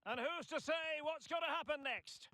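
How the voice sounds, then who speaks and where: A man voicing a polished, excitable football match commentator in scripted in-game commentary. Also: very high voice, normal speed. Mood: commentating.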